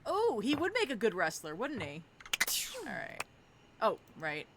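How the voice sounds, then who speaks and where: A woman's voice: on the high side, huge pitch swings, unhurried, very noisy. A woman streamer giving casual, chatty commentary on a game, reacting with amusement. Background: loud game music.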